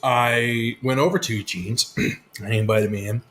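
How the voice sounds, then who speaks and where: A man's voice: mid-range voice, steady tone, normal speed, fairly bright tone, a little hiss or hum. A man hosting a casual live whisky chat, laid-back and swearing freely as he tells stories. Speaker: whisky show host.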